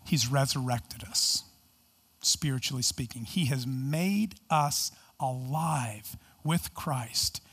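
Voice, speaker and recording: A man's voice: mid-range voice, slow, fairly bright tone, slightly rough. A man preaching a sermon in an earnest, emphatic way, asking rhetorical questions and explaining scripture. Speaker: pastor.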